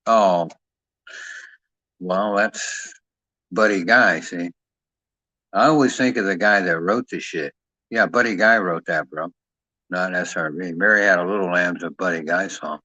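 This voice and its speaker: A man's voice: low voice, unhurried, long pauses, pushed and bright, no echo. A man talking casually and profanely at length, rambling and ending his sentences with "man". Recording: dull lo-fi dry sound.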